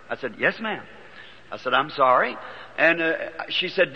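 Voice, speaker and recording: A man's voice: on the high side, animated, moderate pace, husky. A man, preaching a sermon and telling his life story in a folksy way, taking on the voices of the people in it, recorded before a congregation in a large hall. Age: 50s. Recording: dull lo-fi archival sermon recording with long hall reverb.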